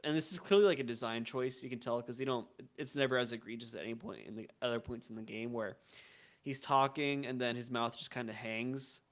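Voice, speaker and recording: A man's voice: mid-range voice, brisk, fairly bright tone. Easygoing laughing male podcast co-host. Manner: easygoing, laughs often, hesitant with "um" restarts. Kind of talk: casual chat about a video game.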